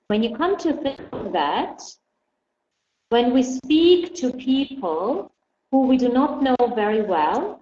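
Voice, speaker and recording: A woman teaching a class online, explaining slowly and patiently and putting questions to her students. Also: a little high, darkish tone. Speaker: English teacher. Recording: dull echoey room with faint hum.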